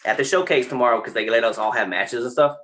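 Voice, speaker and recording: A man from Texas talks fast in a bright, forward voice. He tells his stories with lots of energy and acts out the other people in them. The talk is loose, with plenty of swearing. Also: medium pitch. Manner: animated storyteller, acts out other people's lines, swears freely. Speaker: guest, creator of the wobble dance and wrestler. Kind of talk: casual podcast storytelling.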